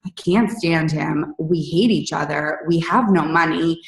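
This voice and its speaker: A woman's voice: low-pitched, unhurried, gravelly. A woman in her late thirties telling her personal story to her team in a candid, chatty way, with plenty of "like" and "you guys". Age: 30s. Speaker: fitness coach speaking on a team call. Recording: roomy, distant from the mic.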